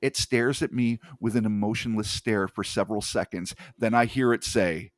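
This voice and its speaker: A male podcast host reading an account aloud in a hushed, measured way, with casual swearing in his asides. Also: fairly low pitch, steady tone, no room sound.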